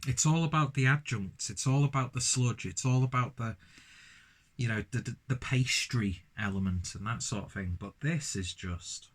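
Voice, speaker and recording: A man's voice: medium pitch, normal speed, fairly bright tone. A man casually reviewing a beer, rambling with lots of fillers and restarts.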